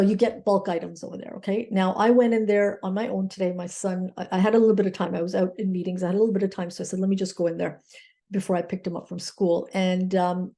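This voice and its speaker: With a mellow, mid-range voice, this mindset coach recounts something from her own life in an earnest, thankful tone. Her listeners hear "okay?" from her again and again as she checks in.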